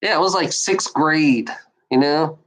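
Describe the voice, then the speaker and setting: A woman's voice: low voice, measured pace, low-quality recording. A woman rambling through an offhand monologue, circling back on the same points again and again. She swears freely and sounds fed up. She keeps tagging "you know" onto her sentences. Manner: profane and exasperated. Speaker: speaker sharing opinions.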